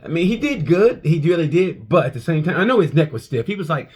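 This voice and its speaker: A man, a comedian, reviewing a motorcycle race in a casual, animated monologue full of restarts and profanity. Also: fairly high pitch, fast talker, breathy edge.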